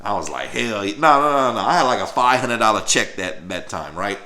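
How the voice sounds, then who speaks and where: Profane, animated storyteller man. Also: fairly low pitch, a little fast. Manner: profane, animated, fills with "you know what I'm saying". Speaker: storyteller vlogger. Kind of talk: casual storytelling. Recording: roomy echo.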